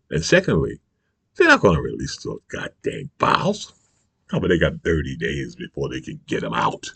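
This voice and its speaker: A man's voice: extremely low pitch, creaky, slightly rough, no echo. A man delivering an angry, profane political rant, emphatic and repetitive, constantly asking if the listener understands. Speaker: political commentator.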